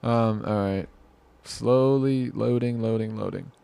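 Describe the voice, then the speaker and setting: Exasperated creaky-voiced man ranting. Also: on the low side, slow pace, mellow. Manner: exasperated, mocking, muttering to himself with frequent laughs. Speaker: commentary vlogger. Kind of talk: rambling reaction commentary.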